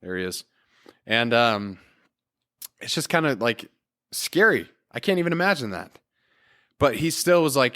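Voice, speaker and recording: A man's voice: mid-range voice, big pitch swings, moderate pace, pauses often, fairly bright tone. Earnest man hosting a motivational podcast. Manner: earnest, encouraging, casual with fillers. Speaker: podcast host. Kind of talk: solo motivational podcast talk.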